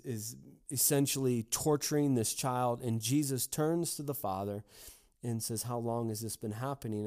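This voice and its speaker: An earnest male pastor preaching a devotional message in a mellow, warm voice at a middle pitch. He often repeats words and fills pauses with "uh" and "um" as he works through his points. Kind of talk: devotional sermon.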